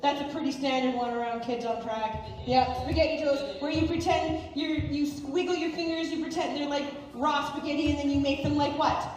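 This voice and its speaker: A woman hosting a family event and speaking as a parent, playful and animated as she talks to children. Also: high voice, a little fast, few pauses. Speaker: host and parent panelist. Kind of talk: lively family event presenting. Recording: echoey hall from far off.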